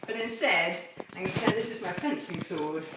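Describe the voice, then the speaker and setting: A woman's voice: mid-range voice, brisk. Cheery woman running a kids' church lesson at home, echoey, far from the camera mic, bit of hiss. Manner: cheerful, playful, explains step by step. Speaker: chapel children's assembly leader. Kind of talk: home video children's lesson. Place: home with garden course, indoors and out. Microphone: camera held by a helper some distance off. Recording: echoey, distant camera mic, faint noise.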